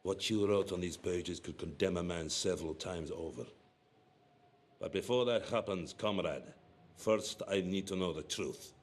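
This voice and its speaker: An actor playing a stern, menacing Soviet colonel in a game cutscene, questioning coldly. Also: male voice, low-pitched, measured pace, slight background noise. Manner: cold, interrogating. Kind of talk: video game cutscene acting.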